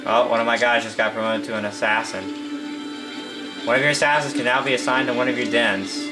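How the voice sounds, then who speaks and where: A man's voice: medium pitch, steady tone, brisk, over music. A young man giving casual live commentary over his gameplay. He chats loosely, says "dude" a lot, and often breaks into laughing disbelief.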